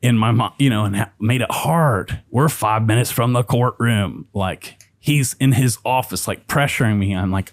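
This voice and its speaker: A man's voice: fairly low pitch, normal speed, few pauses, no room sound. A man telling his life story as a podcast guest, speaking intensely and emphatically, swearing freely. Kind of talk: personal storytelling.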